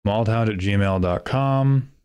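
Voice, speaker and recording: A man streaming live in casual chat, joking loosely with some swearing and excitable bursts. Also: lowish voice, takes it slowly, smooth.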